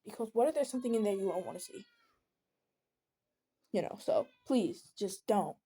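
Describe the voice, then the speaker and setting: Mellow-voiced teen girl venting earnestly. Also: medium pitch, sing-song, normal speed, breathy edge. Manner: earnest, rambling, pleading. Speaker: vlogger. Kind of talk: casual venting monologue.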